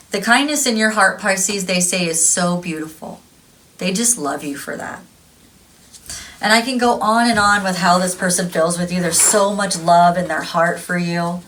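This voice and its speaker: Give me a chatty, gushing woman reading tarot cards, with a slightly low voice. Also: fairly bright tone, poor audio. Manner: chatty, gushing, laughs often. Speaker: tarot reader.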